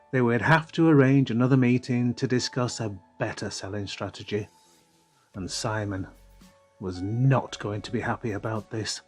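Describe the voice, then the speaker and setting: A man narrating an audiobook in a measured, wry storytelling manner. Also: medium pitch, a little mellow. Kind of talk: scripted narration.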